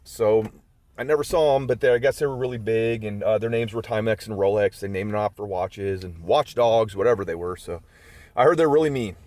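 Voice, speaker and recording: A man's voice: fairly low pitch, fairly quick, darkish tone, no echo. Chatty middle-aged man telling dog stories. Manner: rambling, chatty storytelling with many asides. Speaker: dog owner vlogger. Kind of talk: casual storytelling vlog.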